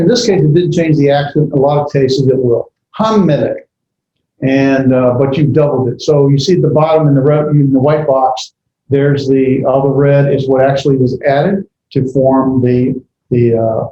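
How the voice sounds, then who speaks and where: A man teaching a Hebrew grammar lesson in a halting way, with many fillers and self-corrections as he walks through examples. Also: a little high, dark tone, slight background noise. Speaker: Hebrew instructor. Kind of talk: classroom lecture. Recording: dull, roomy lecture recording.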